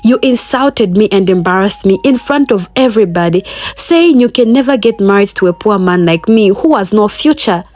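A woman's voice: medium pitch, animated, normal speed, darkish tone, lightly acted. A woman voicing a scornful, vengeful rich husband in a spoken folktale, talking in a bitter, accusing way.

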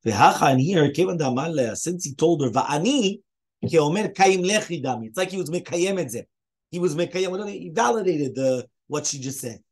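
A man's voice: a little high, lively intonation, a little fast, breathy edge. A man, a rabbi, teaching a Talmud lesson, explaining step by step as he poses questions and answers them.

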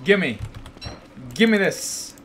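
A man streaming gameplay, chatting casually with goofy, teasing banter and sudden excited outbursts. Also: sits high, drawn-out words, slight background noise. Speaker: game streamer.

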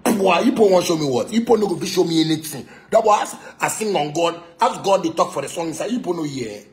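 Boastful Ghanaian Pidgin man, high-pitched. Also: animated, fast. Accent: Ghanaian Pidgin English. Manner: boastful, taunting, profane; repetitive, insistent. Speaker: musician. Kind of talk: ranting monologue.

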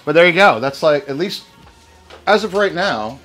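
A man chats casually on a cooking livestream, relaxed and joking as he reads off old recipes. His pitch swings widely, with lots of ups and downs. Faint music plays underneath. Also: normal speed. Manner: relaxed, jokey, lists items off. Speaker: cooking stream co-host. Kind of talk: casual chat while livestreaming.

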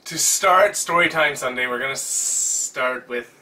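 A young man casually telling a story at home, animated and excitable, swearing now and then. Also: mid-range voice, unhurried, distant mic. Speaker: vlogger. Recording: voice from off the mic.

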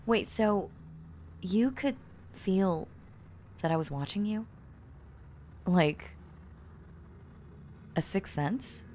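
A young woman playing an obsessive girl who has kidnapped her crush, giggling, teasing and dropping into soft whispers, in an audio role-play. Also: medium pitch, expressive, extremely slow, pauses often, a little hiss or hum. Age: young adult. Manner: breaks off to fix her own lines. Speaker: voice actress.

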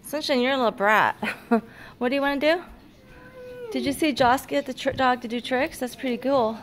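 A woman's voice: high-pitched, moderate pace. An older woman, a grandmother, chatting casually at home into a handheld phone camera while giving firm, fond commands to dogs and children. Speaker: grandmother filming her granddaughters. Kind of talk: casual home video chat. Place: home, indoors.

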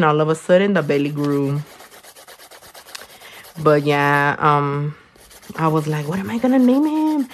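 A young woman, a nail technician chatting casually on a livestream while she works. She tells stories animatedly, swears freely and jumps into squeaky high voices.

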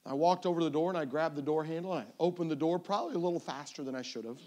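A man's voice: fairly high pitch, rapid-fire. A middle-aged man preaching as an evangelist, telling a family story with acted-out voices. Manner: animated, acts out voices with crying and shouting. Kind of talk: storytelling sermon.

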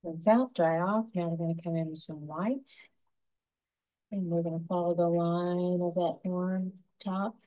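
A woman giving a gentle, unhurried painting tutorial, talking through each brushstroke as she works. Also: on the low side, steady tone, rough recording. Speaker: painting instructor.

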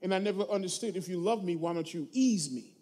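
Pastor, male, high voice, sermon delivery with call-and-response, loud emphatic bursts between low asides. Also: lively intonation, fast. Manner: preachy, call-and-response with the congregation.

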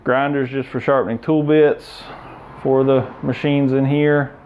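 A man giving a relaxed, plain-spoken tour of his indoor workshop, pointing out machines and tools. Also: mid-range voice, a little slow, muffled recording, slight background noise. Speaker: shop owner giving a tour. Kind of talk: casual walkthrough tour.

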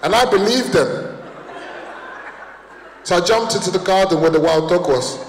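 Stand-up man, high voice, punchy crowd work, long hall echo and noise. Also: moderate pace. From London. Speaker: stand-up comedian. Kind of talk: stand-up comedy. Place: large town hall stage.

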